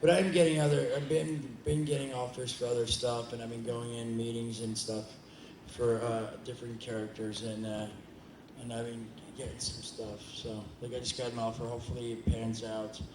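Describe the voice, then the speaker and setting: A man's voice: medium pitch, level tone, moderate pace. A man answering audience questions at a convention panel, rambling, joking and swearing freely. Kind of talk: casual audience Q&A. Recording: echoey hall with background noise.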